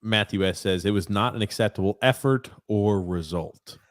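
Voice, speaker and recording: A podcast host reads listener comments aloud and chats casually about hockey, swearing loosely. His voice is fairly low and moderately paced, recorded with clean studio sound and no echo.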